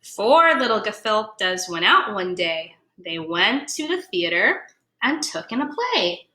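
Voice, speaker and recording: Lively, bright-voiced woman reading aloud. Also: mid-range voice, takes it slowly. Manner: animated, playful, explains words as she reads. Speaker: museum educator. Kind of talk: children's story reading. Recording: echoey room.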